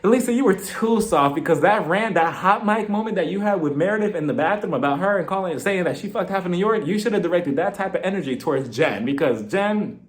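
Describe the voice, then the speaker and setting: A man with a fairly high voice and a very lively, swooping delivery, talking through a reality show reunion in a sassy, animated way. His voice climbs and dips all over as he riffs on the cast in a casual chat. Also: quick pace, few pauses. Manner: sassy, animated, mimics cast members with bursts of laughter. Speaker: reality TV reviewer. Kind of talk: casual recap commentary.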